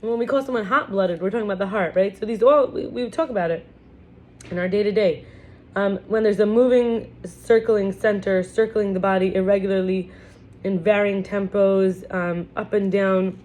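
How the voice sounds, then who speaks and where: A woman's voice: medium pitch, steady tone, moderate pace, a little mellow. Chatty woman teaching a spiritual lesson. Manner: chatty, restarts often, reads from a book. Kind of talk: casual spiritual teaching talk.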